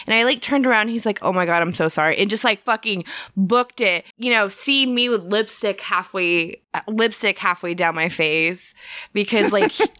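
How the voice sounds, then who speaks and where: Chatty female podcast co-host, bright and forceful tone, filler-heavy storytelling, dry close sound. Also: medium pitch, normal speed, no echo. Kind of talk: casual chat.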